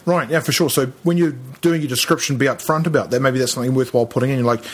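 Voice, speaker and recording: A man's voice: mid-range voice, fairly even intonation, racing, few pauses. A man hosting a casual interview chat, jokey and laughing often. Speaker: podcast host.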